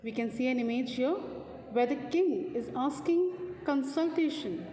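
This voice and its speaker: Brief: woman teacher, slightly high voice, patient explanations for children. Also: animated, warm tone, slight background noise. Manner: slow, explanatory, repeats "students". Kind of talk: explaining a story lesson to young pupils.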